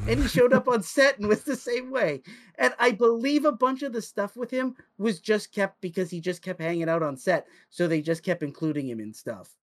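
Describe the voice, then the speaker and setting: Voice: mid-range voice, normal speed, few pauses, no room sound. A podcast guest in casual chat, telling anecdotes animatedly. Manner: animated storyteller.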